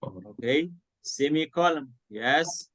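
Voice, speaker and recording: Arabic-accented male teacher, slightly high voice. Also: expressive, slow pace, fairly bright tone. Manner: switches between English and Arabic, asks students questions. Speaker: English teacher. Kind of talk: online class teaching.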